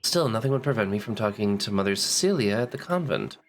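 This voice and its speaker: A man's voice: lowish voice, lively intonation, fast talker, slight background noise. A man streaming a game, thinking aloud, reading bits of game text and laughing easily as he chats. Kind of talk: casual gameplay chat.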